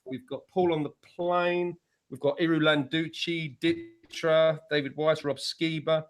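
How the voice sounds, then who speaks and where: On a casual panel, an English-accented British musician spins long, rambling stories, frequently restarting sentences. He speaks at a measured pace in a steady, slightly high voice.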